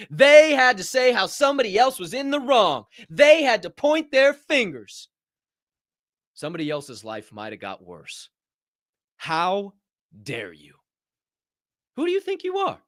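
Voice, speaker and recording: A man hosts his motivational show, talking bluntly and swearing freely. His voice sits fairly high and swings widely in pitch as he gets worked up. The sound is dry and close, with no room echo. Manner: blunt, profane, animated storytelling. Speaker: podcast host. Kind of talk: casual motivational monologue.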